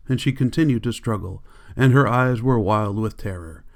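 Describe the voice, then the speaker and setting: A man narrating an audiobook in a calm, measured reading. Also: on the low side. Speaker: audiobook reader.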